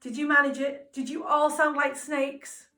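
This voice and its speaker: A woman teaching a singing lesson to young children, encouraging and speaking slowly and clearly. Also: sits high, flat delivery, bright, forceful tone. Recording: roomy sound from a distance, music behind.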